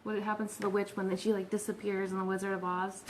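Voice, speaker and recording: A woman's voice: mid-range voice, level tone, quick pace, a little hiss or hum. A woman in her thirties, co-hosting with her husband, speaking in a frank and plainspoken way. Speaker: co-host, pastor's wife. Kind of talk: casual conversation.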